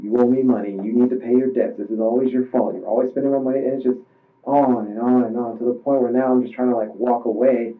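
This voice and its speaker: Under interrogation, a strained and distressed male suspect stumbles through his account with frequent restarts, his medium-pitched voice holding a steady tone. The interview-room audio is thin and far off.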